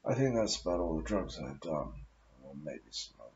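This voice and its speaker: Here the posh English vlogger sounds very deep and darkish, with vocal fry, speaking fairly quickly and very animatedly while he smokes. The highs are cut off in the recording, and his monologue stays profane, rambling, and full of self-deprecating jokes.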